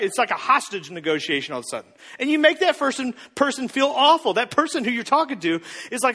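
A man preaches with a very high, bright, forceful voice that rises and falls in wide swings as he acts out the people he quotes in comic voices. The sound rings through a large hall with a long reverb behind it. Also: big pitch swings, quick pace. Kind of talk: sermon.

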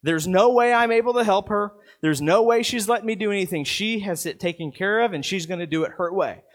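A man's voice: high-pitched, brisk. A man in his thirties preaching a sermon in an earnest, conversational way, with a lot of repetition. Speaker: pastor.

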